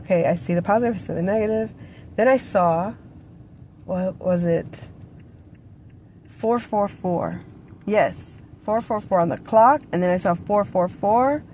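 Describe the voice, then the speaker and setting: A woman's voice: medium pitch, unhurried, long pauses, a little mellow, a little hiss or hum. A woman in her thirties telling a story in a parked car, rambling, swearing and laughing as she goes. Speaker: vlogger. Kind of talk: casual storytelling.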